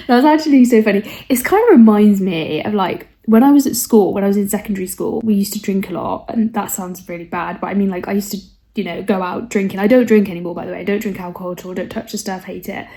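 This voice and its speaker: A young book vlogger chats casually, slightly husky from a cold, rambling and self-deprecating with asides to the viewer. Her voice is mid-range with a dark tone, and she talks fast.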